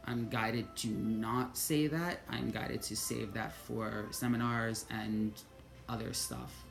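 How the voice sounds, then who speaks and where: Woman, deep voice, blunt and profane, casual spiritual storytelling, hushed to excited, faint music behind. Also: slow pace, gravelly, reverberant. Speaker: vlogger.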